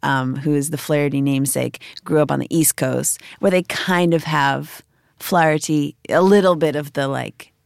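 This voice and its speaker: Low, gravelly Midwestern woman. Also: steady tone, normal speed, hardly any pauses, dry recording, clean studio sound. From Chicago, US. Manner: rambling, thinks aloud in loose winding sentences. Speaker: musician guest. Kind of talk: casual interview talk.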